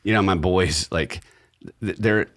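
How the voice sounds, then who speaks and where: Deep-voiced man hosting a podcast. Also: a little slow, no room sound. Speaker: podcast host. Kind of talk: casual podcast discussion.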